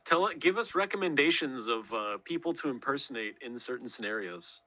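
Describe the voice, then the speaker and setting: A man co-hosting a casual stream, his voice bright and clear-edged. His pitch swings widely while he talks in a relaxed, wry way, asking questions and making suggestions. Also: brisk, dry recording, rough recording. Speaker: co-host.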